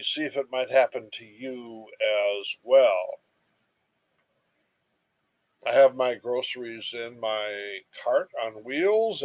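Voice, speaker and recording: A man giving a recorded lecture, telling everyday stories in an emphatic, storytelling way. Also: medium pitch.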